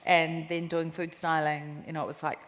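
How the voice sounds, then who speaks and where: A low-pitched woman with a New Zealand accent tells animated stories on stage. She slips into quoted voices as she goes. Her voice rings with a long hall reverb over faint background noise. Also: moderate pace. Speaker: cookbook author guest. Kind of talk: storytelling interview on stage. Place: live festival talk venue.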